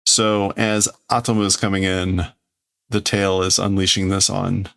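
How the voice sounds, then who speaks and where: A man translates a comic on a live stream in an unhurried, low voice with a gravelly edge. He thinks aloud as he goes and often hedges or corrects himself. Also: level tone, a bit bright. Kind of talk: casual live commentary.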